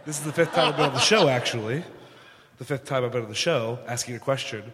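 Casting note: male fan at an audience mic, eager and rambling, mid pitch, long hall echo. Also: quick pace, background noise. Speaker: audience member asking a question.

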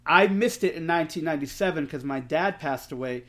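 A middle-aged man, co-hosting a podcast and telling stories in an animated way, swearing freely. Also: a little high, a little fast. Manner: animated storyteller, swears freely, acts out quotes. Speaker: podcast co-host. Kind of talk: casual storytelling chat.

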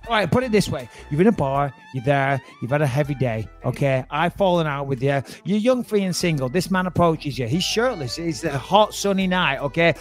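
A man's voice: a little high, animated, a little fast, few pauses, soft background music. A man co-hosting a podcast, in casual comedic banter with teasing, rambling asides. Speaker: podcast co-host.

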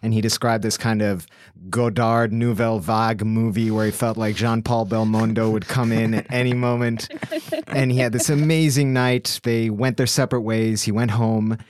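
A man co-hosting a podcast, telling a travel tale in a relaxed way and laughing often. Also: on the low side, normal speed, no echo. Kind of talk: casual chat.

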